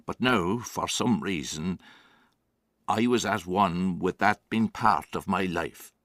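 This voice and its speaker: A man's voice: deep voice, slow, a bit bright. An actor playing an older Irish grandfather and former farmer who tells his story in a wry, dry theatrical monologue. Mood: reflective.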